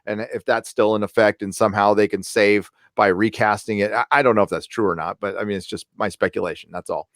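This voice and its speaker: A man's voice: lowish voice, fairly even intonation, fast, hardly any pauses, fairly bright tone, dry recording, studio quality. A man co-hosting a casual live-stream chat, rambling with hesitations and blunt, profane opinions. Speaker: co-host.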